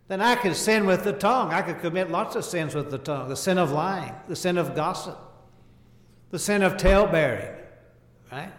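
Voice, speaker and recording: A man preaching a sermon, reading scripture slowly and with emphasis and asking the listeners rhetorical questions. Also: high voice. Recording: echoey hall.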